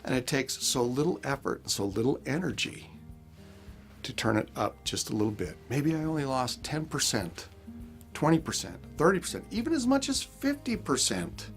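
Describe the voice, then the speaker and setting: A man's voice: medium pitch, normal speed, faint music behind. A man giving a motivational life lesson, acting out everyday scenes as he talks. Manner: animated, acts out everyday scenes. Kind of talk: motivational talk.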